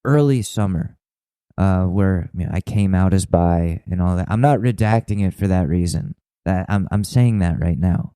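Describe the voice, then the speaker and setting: A rambling, profane young podcast host. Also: male voice, deep voice, normal speed, warm tone, clean tone, no echo, low-quality recording. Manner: rambling, self-mocking, profane. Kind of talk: rambling comedic monologue.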